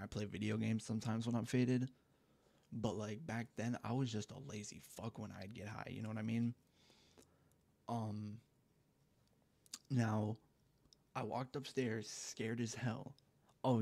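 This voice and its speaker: Gravelly young guy rambling a story. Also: fairly low pitch, warm tone, no echo. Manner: rambling, profane, lots of fillers. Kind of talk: casual story time. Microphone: gaming headset mic.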